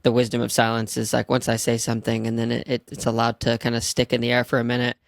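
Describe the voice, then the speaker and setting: Gravelly, flat-voiced young male host. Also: medium pitch, quick pace, dry recording, clean studio sound. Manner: attentive, frequent short acknowledgements. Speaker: podcast host. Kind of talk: casual conversational interview.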